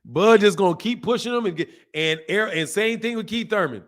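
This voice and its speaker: A man hosting a boxing livestream, talking in a slangy, animated way and laughing often while reading out viewer messages. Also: high-pitched, a little fast. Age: adult, a father. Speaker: boxing channel host. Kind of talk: casual livestream chat.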